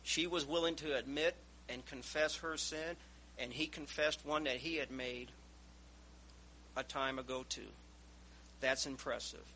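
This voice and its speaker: Bright-voiced male preacher. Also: mid-range voice, slight background noise, low-quality recording. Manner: storytelling, raises voice reading scripture. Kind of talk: sermon.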